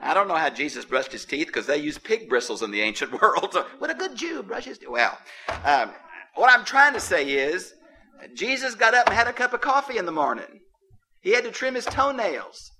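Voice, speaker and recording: A man teaching a Bible class, emphatic and animated, chuckling as he explains. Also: a little high, a little hiss or hum.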